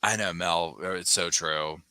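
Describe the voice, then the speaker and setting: A man hosting a casual live chat from home, chatty and animated, swearing casually and laughing loudly as he reads viewer comments. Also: low voice, measured pace, smooth, no room sound. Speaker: true crime channel host. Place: home, on a sofa.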